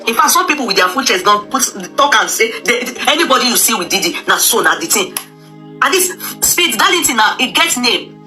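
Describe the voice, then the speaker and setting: A woman's voice: a little high, big pitch swings, fairly quick, music in the background. A Nigerian woman commenting on current affairs in a casual, emphatic way, repeating herself, hesitating often and slipping into Pidgin. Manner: emphatic, repetitive, with Pidgin asides and frequent hesitations. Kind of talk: casual opinion talk.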